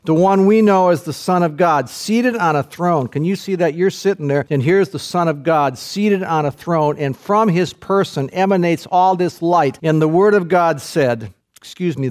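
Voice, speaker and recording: Male preacher, slightly high voice, vivid storyteller, moves from hushed to intense. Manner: vivid storytelling, guiding listeners to picture the scene; swings from hushed low passages to raised, intense climaxes. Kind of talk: sermon.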